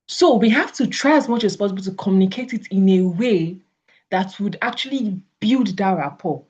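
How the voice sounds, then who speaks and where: Speaking briskly with lively intonation, this woman has a medium-pitched, darkish, slightly rough voice and a Nigerian English accent. She's a network marketing coach teaching sales conversations, playing both parties in acted example dialogues, and the lo-fi recording sounds a bit dull.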